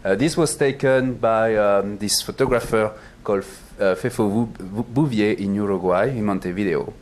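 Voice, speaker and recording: A man with a French accent speaks with a slightly low pitch, his voice worn from a cold. He gives a halting public science talk with frequent fillers and a self-deprecating humor. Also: darkish tone. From France. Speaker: planetary astronomer. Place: auditorium stage.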